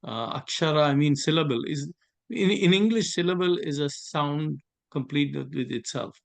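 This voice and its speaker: A man asking hesitant, halting questions as a student in a grammar class. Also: a little high, expressive, gravelly.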